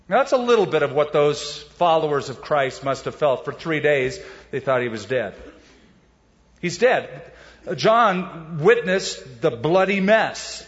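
A man preaching a sermon, animated, acting out the voices he quotes. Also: fairly high pitch, a little slow, long reverb tail, highs cut off. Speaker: pastor.

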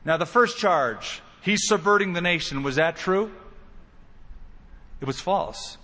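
A man's voice: animated, measured pace, sharp tone. Preaching man in a long-echo hall. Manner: emphatic preaching, acting out quoted lines with rising pitch. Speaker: pastor. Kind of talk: sermon.

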